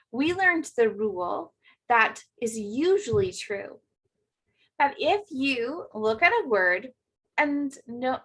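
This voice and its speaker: A woman teacher giving a remote phonics lesson to second graders, speaking clearly and encouragingly to young children. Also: a little high, fairly bright tone, low-quality recording.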